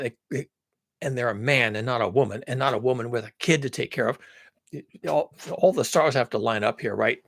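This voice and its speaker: A man's voice: mid-range voice, animated, fairly quick, gravelly, a bit bright, breathy edge, no echo, clean studio sound. A man in a ranting monologue, dramatically spinning grim scenarios with some swearing. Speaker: video creator.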